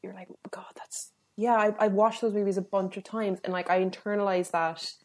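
A woman's voice: medium pitch, fairly even intonation, brisk, darkish tone. A woman co-hosting a podcast, chatty and rambling, swearing casually. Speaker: podcast co-host.

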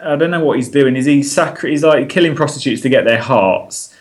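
A man's voice: mid-range voice, fairly quick, slight background noise. A man co-hosting a podcast in casual chat, rambling and joking and swearing freely. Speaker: podcast co-host.

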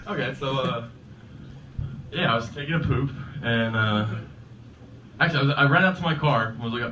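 A man rattles through loose, profane anecdotes at a fast clip. He sits back from a dull-sounding mic. Faint background noise runs under his voice. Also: mid-range voice, bright, forceful tone, recorded from a distance. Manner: rambling, laid-back, profane storyteller. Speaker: podcast guest. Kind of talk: casual storytelling.

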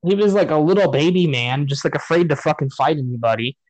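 A man's voice: a little high, animated, quick pace, darkish tone, no echo, rough recording. A man on a podcast giving a profane, sarcastic rant about a movie in casual chat. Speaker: podcast host.

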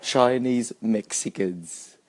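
A man's voice: mid-range voice, slow pace. A man hosting a podcast, rambling casually and chuckling as he mixes in Tagalog phrases. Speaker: podcast host. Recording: music playing under the voice.

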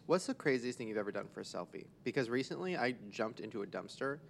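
A young man hosts a casual chat at a quick clip, his voice leaping up and down as he laughs and swears. There is a faint hiss under the recording. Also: mid-range voice, creaky. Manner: lively, swearing, laughing often. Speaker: podcast host.

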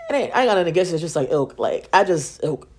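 Talking rapid-fire in a sing-song way, this podcast host has a fairly low voice that's a little mellow and slightly rough. The young woman spins casual stories full of sarcasm and swearing, playing out the dialogue herself.

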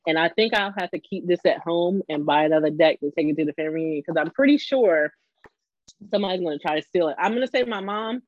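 A young adult woman co-hosting a podcast chats effusively and quickly with a guest in a lowish voice, laughing often and acting out what people said. The recording is dry with no echo and sounds lo-fi.

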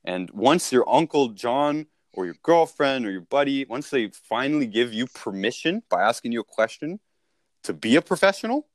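A man's voice: mid-range voice, sing-song, normal speed, dry recording. A man coaching salespeople in a casual conversation, punchy and emphatic, often checking in with "right?".

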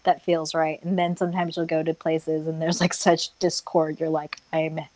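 A woman's voice: low voice, little pitch movement, normal speed, darkish tone, no room sound, rough recording. A young American woman, a travel blogger, chatting casually with many filler words and laughs. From United States. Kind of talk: casual chat.

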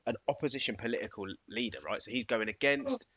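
A man's voice: medium pitch, quick pace, sharp tone, husky, no echo, highs cut off. A young man co-hosting a casual chat. He rambles with lots of fillers and laughs often. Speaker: podcast co-host.

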